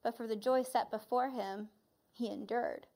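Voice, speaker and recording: A woman preaching in an earnest, reflective storytelling manner. Her voice sits a little high for a woman. She speaks as a church leader at the pulpit. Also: steady tone, normal speed, mellow. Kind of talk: sermon.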